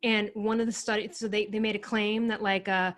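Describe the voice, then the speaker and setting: A woman's voice: medium pitch, level tone, brisk. A woman co-hosting a podcast, speaking her mind in an opinionated, ranting way in casual chat. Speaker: podcast co-host.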